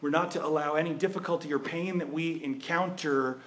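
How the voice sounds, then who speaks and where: Higher-voiced man preaching conversationally. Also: steady tone, a little fast, fairly bright tone. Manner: conversational, asks rhetorical questions. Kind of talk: sermon.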